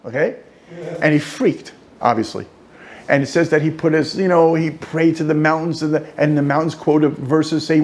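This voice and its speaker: A man teaching an informal class as a rabbi, an animated storyteller who jokes and goes off on asides. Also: fairly high pitch, moderate pace. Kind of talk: informal lecture. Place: study hall.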